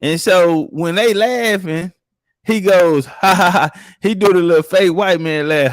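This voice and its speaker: A man's voice: high voice, measured pace, dry recording. A man telling profane stories in casual chat and acting out the people he quotes. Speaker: podcast guest. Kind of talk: casual storytelling.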